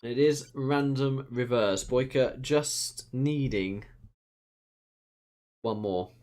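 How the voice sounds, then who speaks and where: A man from near London with an Essex accent, giving lively play-by-play commentary on a strategy game match and reading out viewer chat. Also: medium pitch, takes it slowly. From England, near London. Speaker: esports caster.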